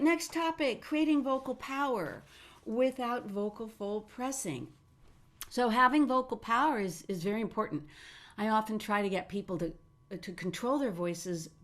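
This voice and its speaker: A middle-aged woman teaching singing technique in a webinar, talking in a lively way and breaking off to demonstrate sounds with her own voice. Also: medium pitch.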